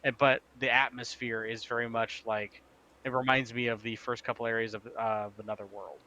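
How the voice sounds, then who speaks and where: Man, bright forceful voice, casual stream chat, rambling, filler-heavy. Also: medium pitch, flat delivery, moderate pace, lo-fi sound. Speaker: stream co-host presenting game news.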